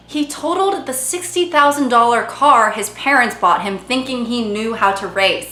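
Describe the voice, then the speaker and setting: A woman's voice: fairly high pitch, moderate pace, hardly any pauses, sharp tone. A woman hosting a comedic commentary video, sarcastic and playful in her delivery. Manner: sarcastic, playful, slips into mock voices. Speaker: YouTube host. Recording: echoey room with faint music.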